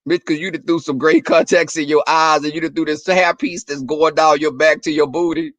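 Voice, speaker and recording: Sassy, animated man chatting with viewers. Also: fairly high pitch, fairly quick, no room sound. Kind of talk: casual chat with viewers.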